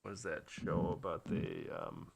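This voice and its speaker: A man in casual podcast chat, hesitant and halting, searching for words with ums. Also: very deep voice, wildly swooping pitch, creaky, breathy edge, no room sound.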